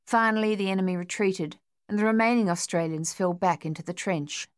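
A woman narrating an audiobook in a measured, even reading. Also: fairly low pitch. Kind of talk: scripted narration.

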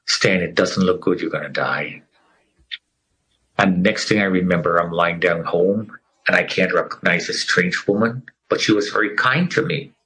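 A man's voice: low-pitched, fairly even intonation, moderate pace, sharp tone, breathy edge, poor audio. A middle-aged man telling his survival story with earnest feeling, acting out the people he quotes. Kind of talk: emotional personal testimony.

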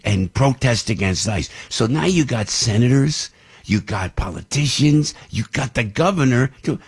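An older man, hosting a political talk show in a fired-up, ranting monologue full of loud rhetorical questions. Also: lowish voice, husky. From New Jersey. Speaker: radio talk show host.

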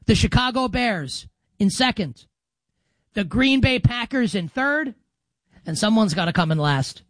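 Brash, animated male sports radio host. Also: high-pitched, measured pace, no room sound. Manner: brash, animated, swings loud and soft for emphasis. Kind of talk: football predictions show.

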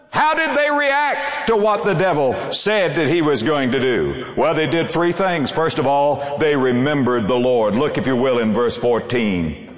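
A male pastor preaching a sermon, his voice sweeping up and down in the rhythm of his delivery. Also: a little high. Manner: preaching with sweeping rises and falls. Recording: echoey hall, long reverb.

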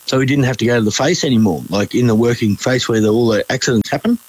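A man's voice: mid-range voice, fast, no room sound, rough recording. A middle-aged Australian man, an interview guest, telling a story in a laid-back, jokey way full of "you know". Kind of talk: casual storytelling.

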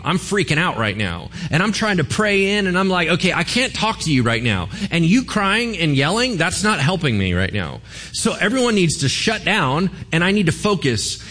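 A pastor preaching a sermon to a congregation, telling a story with humor and acting out voices. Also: male voice, on the high side, a bit bright.

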